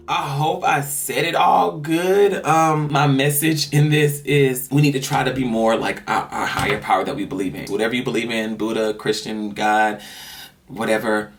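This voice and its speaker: A man's voice: mid-range voice, a bit bright, slight background noise. A man giving an earnest, rambling personal monologue as a vlogger, sighing between his thoughts. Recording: somewhat distant mic, faint music.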